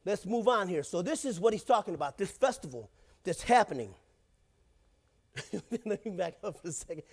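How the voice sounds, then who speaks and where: A man's voice: high-pitched, sing-song, normal speed. A male pastor preaching a sermon in church, in a casual, joking way, often calling out to the congregation.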